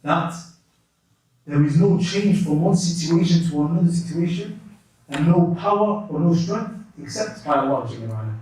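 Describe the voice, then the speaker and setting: A man teaching a lesson in a mosque classroom, explaining terms in a quick, conversational way with many restarts. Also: a little high, animated, a little mellow. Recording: echoey room from a distance.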